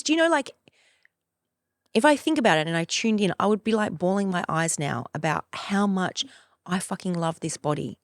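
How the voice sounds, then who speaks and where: A woman's voice: animated, moderate pace, no room sound, studio quality. Effusive, swearing woman in her forties. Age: 40s. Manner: effusive, swears freely, sudden playful pitch jumps. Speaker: podcast host. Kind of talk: casual monologue.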